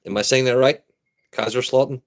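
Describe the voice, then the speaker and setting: This American man speaks at a normal speed in a lowish voice while hosting a whiskey review live stream. He jokes loosely with his chat and repeats himself as he reads out comments.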